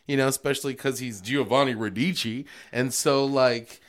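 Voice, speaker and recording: A man's voice: mid-range voice, flat delivery, moderate pace, few pauses, a bit bright. A man chatting casually on a podcast, rambling loosely with lots of filler. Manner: loose rambling talk with many likes and laughs.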